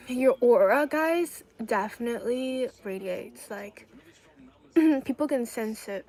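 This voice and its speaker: A woman's voice: fairly high pitch, a little mellow, poor audio. A young woman from China in a casual live-stream chat, talking in a chatty, rambling way and reading viewer comments aloud. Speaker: livestreamer.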